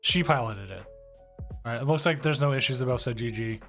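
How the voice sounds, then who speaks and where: A man's voice: medium pitch, brisk. Easygoing male co-host, casual stream banter with a lot of stops and starts, faint music underneath. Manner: relaxed, hesitant, repeats words. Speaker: stream co-host running the tournament.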